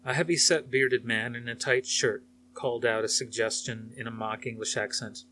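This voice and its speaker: A man narrating a novel aloud in a steady, plain storytelling manner. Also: medium pitch, moderate pace, a little hiss or hum.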